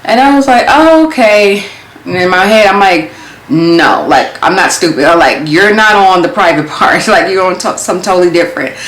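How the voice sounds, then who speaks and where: A young adult woman telling a story in a casual vlog, animated and acting out her own thoughts as she goes. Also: lowish voice, brisk. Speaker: vlogger. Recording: roomy echo.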